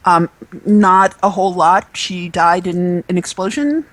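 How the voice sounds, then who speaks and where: A woman's voice: lowish voice, steady tone, a little slow, no echo, low-quality recording. A woman hosting a live video chat, talking with many hesitations and fillers. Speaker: host. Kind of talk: casual chat. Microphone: video call.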